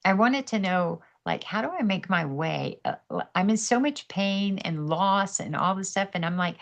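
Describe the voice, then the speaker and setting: A middle-aged woman sharing a personal faith testimony on a podcast, earnest and animated, acting out her own inner dialogue. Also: mid-range voice, measured pace, vocal fry.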